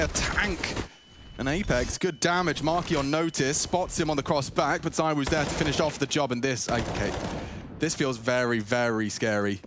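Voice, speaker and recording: A man doing play-by-play for a live esports match, calling each fight as it happens. His voice sits mid-range, with clear background noise under the broadcast. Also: medium pitch. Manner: excitable play-by-play calls. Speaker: esports caster.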